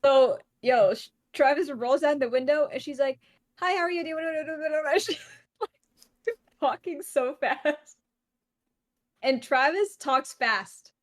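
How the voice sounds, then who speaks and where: A woman's voice: high-pitched, slow pace, pauses often. A young woman co-hosting a podcast, telling a story in casual chat and laughing often. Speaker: podcast co-host.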